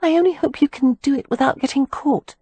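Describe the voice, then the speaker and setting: A woman voicing an anxious, remorseful young girl who speaks in a guilty, hushed way for a storybook. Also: high-pitched, brisk, no room sound, voice pushed up, natural voice. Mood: sheepish.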